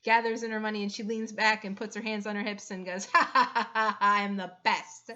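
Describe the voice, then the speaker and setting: A woman's voice: mid-range voice, level tone, fast, fairly bright tone, lightly acted. A woman doing a cocky gloating gambler woman. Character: brash female knife-game gambler and schemer. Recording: dull lo-fi recording.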